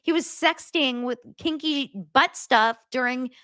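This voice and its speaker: At a measured pace and in studio quality with no room sound, a woman in her forties hosting a podcast chats casually about TV. She's animated and laughs often during this pop-culture recap, putting on a higher voice to act out quotes.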